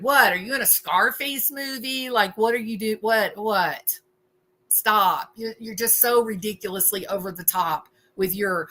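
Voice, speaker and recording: A woman in her forties hosting a casual livestream, animated and wry, laughing often as she reacts to chat. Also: fairly high pitch, a little slow. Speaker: host.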